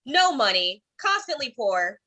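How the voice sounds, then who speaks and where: Lady doing stand-up online from home, high voice, acts out everybody in her stories. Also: measured pace. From Cleveland, Ohio. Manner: animated storytelling with voiced quotes. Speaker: stand-up comedian. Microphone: streaming from home.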